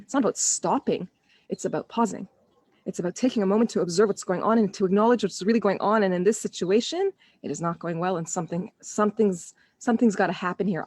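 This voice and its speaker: A parenting coach, perhaps in her thirties, speaks earnestly and conversationally to parents in a live online session, often restarting sentences and acting out her own inner thoughts. Her voice is lowish and a little mellow, with no echo.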